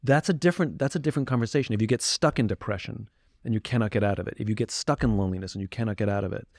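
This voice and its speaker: A man's voice: lowish voice, rapid-fire, vocal fry, no room sound. Candid reflective man, dry close mic. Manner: candid, self-reflective, acts out quoted voices. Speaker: podcast guest. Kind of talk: reflective conversational talk.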